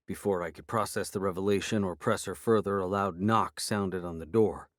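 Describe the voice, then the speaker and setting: A man reading a first-person fantasy novel aloud, in even, dry storytelling on a close microphone. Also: deep voice, moderate pace, hardly any pauses, dry recording. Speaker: audiobook narrator. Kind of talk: first-person fiction narration.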